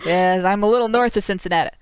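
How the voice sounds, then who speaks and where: A man with a Northern Ohio accent hosts a livestreamed talk show and reads viewer donations aloud. His voice is smooth and clear and sits a little high for a man. He is dry and sardonic, and he breaks off into chuckling asides. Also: fast. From Ohio, USA.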